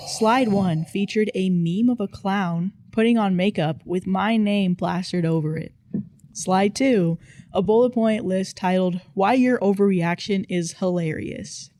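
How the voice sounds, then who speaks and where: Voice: mid-range voice, a little slow, mellow, no room sound. A narrator reading online posts aloud in casual storytime style, with dry, playful emphasis.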